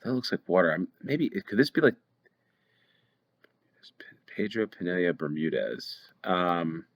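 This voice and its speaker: A man's voice: deep voice, expressive, a little slow. An American man hosting a play-along geography game, thinking aloud with hesitant ums as he weighs each guess. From United States. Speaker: game show host. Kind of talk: play-along gameplay commentary.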